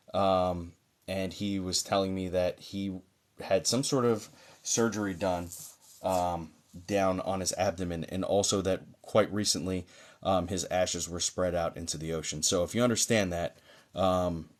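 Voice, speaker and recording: A man hosting a live-streamed mediumship session, talking chattily and reassuringly to viewers, with many fillers. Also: deep voice. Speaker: psychic medium host. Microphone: phone or desk mic on a live stream.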